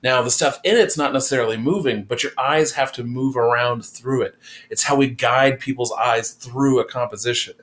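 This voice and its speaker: A man's voice: mid-range voice, moderate pace, fairly bright tone. A man teaching an art class, explaining design principles in a casual, conversational way with fillers, recorded in a classroom. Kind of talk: classroom lecture.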